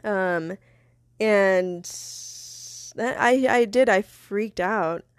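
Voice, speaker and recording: A young woman hosts her own podcast and tells a personal story with candid, animated energy. She fills her talk with "like" and swears freely. Her voice sits at a middle pitch and sounds close and dry. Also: drawn-out words, no room sound. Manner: animated, swears, laughs often, many fillers. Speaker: podcast host.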